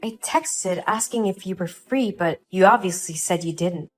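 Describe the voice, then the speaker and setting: A woman narrating a dramatized first-person story as a pregnant wife, talking in a calm, earnest, measured way. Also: medium pitch, faint music behind.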